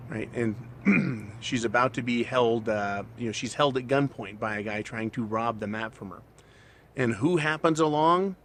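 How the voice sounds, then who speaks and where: Man, rambling film recap, opinionated, casual, middle-pitched voice, keeps asking right. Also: fairly bright tone, slight background noise. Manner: rambling, tags lines with "right?". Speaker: channel host.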